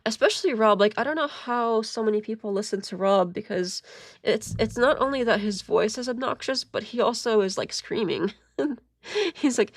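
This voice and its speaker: A woman's voice: medium pitch, gravelly, no room sound, clean studio sound. A woman streamer commenting casually and sarcastically, rambling with many fillers and laughing at her own jokes. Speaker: streamer reacting to a call.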